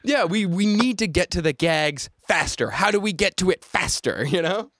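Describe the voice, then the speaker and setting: A sarcastic, chatty man sitting in as a podcast guest, his voice a little higher than most men's. He laughs often, and the sound is dry and close to the mic. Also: animated, moderate pace, fairly bright tone, dry recording. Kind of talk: casual chat.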